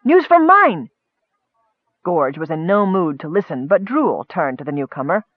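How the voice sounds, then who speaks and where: A man narrating a comic fantasy story in a lively storytelling manner. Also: fairly high pitch, normal speed, dry recording, phone-quality sound. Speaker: audiobook narrator. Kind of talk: scripted narration.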